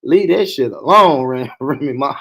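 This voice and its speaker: A man's voice: medium pitch, animated, moderate pace, bright, forceful tone. A man hosting a casual commentary stream, talking loosely and profanely and laughing often. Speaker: host.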